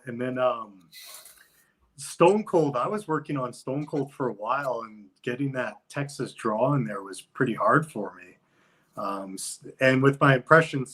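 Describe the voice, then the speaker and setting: A man's voice: mid-range voice, a bit bright, slightly rough, rough recording. A man talking loosely as an interview guest, rambling with lots of filler words. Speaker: guest, wrestler. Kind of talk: casual interview chat.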